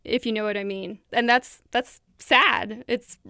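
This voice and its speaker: Woman hosting a podcast, a bit high, candid and laughy, dry mic. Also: fairly even intonation, creaky, pushed and bright, clean tone, no room sound. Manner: candid, quick, laughs often. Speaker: podcast host. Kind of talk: casual chat.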